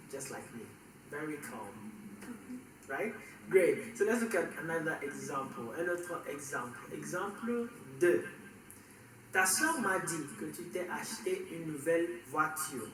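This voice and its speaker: A man's voice: a little high, background noise. A man teaching French in a casual lesson, repeating phrases for learners and switching between French and English. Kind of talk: casual language lesson to camera. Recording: echoey room, distant mic.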